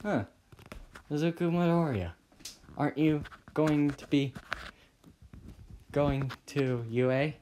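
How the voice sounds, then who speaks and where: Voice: medium pitch, slow, pauses often, dark tone, a little hiss or hum, close to an everyday voice. A storyteller voicing a tired schoolteacher addressing a class in a dry, matter-of-fact way. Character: weary middle-aged schoolteacher.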